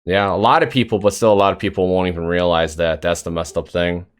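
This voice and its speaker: A man's voice: sits low, fairly even intonation, fast, clean tone. A man hosting a casual livestream interview, swearing casually and reading out chat messages between questions. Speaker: stream interview host.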